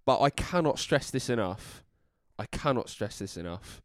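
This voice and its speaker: A man's voice: mid-range voice, animated, normal speed, dry recording, studio quality. A young man co-hosting a podcast in casual chat, hungover, teasing his friend and hesitantly repeating himself. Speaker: podcast co-host.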